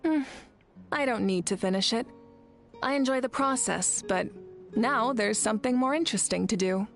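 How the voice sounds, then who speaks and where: An actress playing a composed, commanding fire goddess woman in a video game, speaking with calm assurance. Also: on the high side, normal speed, soft background music, lightly acted.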